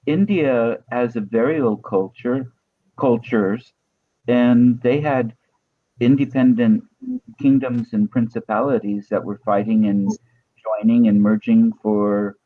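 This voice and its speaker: A man hosts an interview over a video call, his voice squeezed into a tinny, phone-like band. He talks in a relaxed, curious way, musing aloud. His pitch is ordinary for a man. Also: slow. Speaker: host. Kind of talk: interview conversation.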